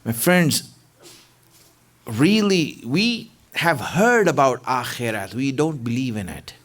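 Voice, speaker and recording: A man's voice: mid-range voice, lively intonation, slow pace, a bit bright. A middle-aged male preacher giving a Ramadan lecture in a conversational way, asking rhetorical questions and often saying "you know".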